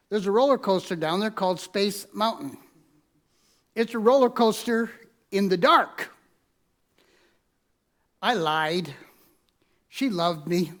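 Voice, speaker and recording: In a church sanctuary, a male pastor with a notably high voice preaches a sermon that includes a personal story. Teaching from notes, he repeats key lines for emphasis and tells listeners to circle or underline words.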